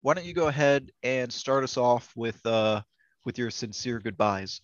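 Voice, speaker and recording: A man's voice: mid-range voice, normal speed, no room sound. A man co-hosting a casual movie podcast, with a wry, incredulous way of talking. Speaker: podcast co-host. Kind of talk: casual chat. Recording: dry lo-fi sound.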